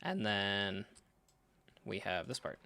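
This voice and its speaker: A man hosting a live reaction stream, talking in an animated, sarcastic way, swearing freely and acting out scenes. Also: lowish voice, takes it slowly, vocal fry, dry recording. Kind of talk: casual live reaction commentary.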